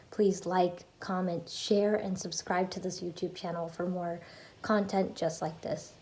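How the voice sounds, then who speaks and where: Woman youtuber talking self-love, kinda low voice, chatty and earnest. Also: warm tone, a little hiss or hum. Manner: earnest, chatty, many fillers. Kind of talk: casual self-help talk to camera.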